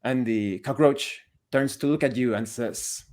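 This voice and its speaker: A man narrating a tabletop role-playing game as game master, describing scenes in a steady, descriptive way. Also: medium pitch, a little slow, few pauses.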